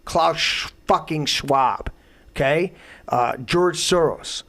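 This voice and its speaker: A man hosting a talk show, delivering a heated, profane political rant that swings into loud outbursts. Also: on the high side, slow. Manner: profane, emphatic, swings to shouting. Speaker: show host.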